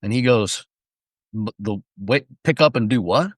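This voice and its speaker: A middle-aged man in casual podcast conversation, easygoing and quick to agree with the other speaker. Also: fairly low pitch, dry recording, studio quality. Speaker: podcast co-host or guest. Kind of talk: casual chat.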